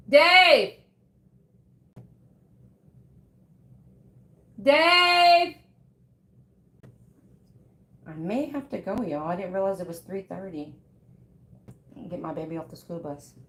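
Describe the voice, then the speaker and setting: A woman's voice: sits low, darkish tone. Chatty woman sewing in an echoey room. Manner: chatty, laughs often, talks to chat by name. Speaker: bag maker live-streaming while sewing. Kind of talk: casual chat with viewers.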